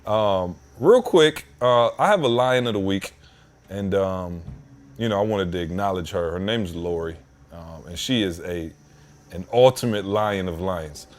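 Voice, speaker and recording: A man with a fairly low voice hosts a podcast, recording from a basement at home. He tells stories in loose, slangy, animated talk, and his pitch jumps up whenever he gets excited or exasperated. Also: measured pace. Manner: animated, slangy, rises in pitch when worked up. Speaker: podcast host. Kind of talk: casual podcast storytelling.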